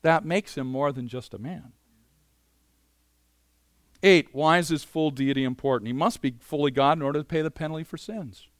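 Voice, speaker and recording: Male preacher, somewhat high voice, dry close mic; animated sermon delivery with chatty asides. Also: moderate pace, long pauses, no echo. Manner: animated, swings between loud emphasis and quiet asides; conversational, many "you know" fillers.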